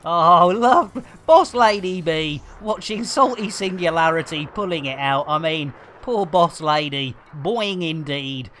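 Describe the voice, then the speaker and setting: A man's voice: fairly high pitch, lively intonation, unhurried, hardly any pauses, a bit bright, slight background noise. A man giving live, joke-filled commentary while streaming a game, full of puns and cheeky wordplay.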